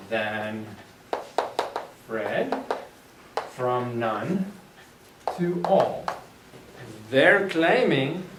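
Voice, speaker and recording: A man lectures a classroom at an unhurried pace, stopping to ask his students questions as he works through ideas. He is picked up from a distance in an echoey room, with clear noise behind him. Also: mid-range voice. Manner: thinks aloud, poses questions to the class. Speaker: teacher.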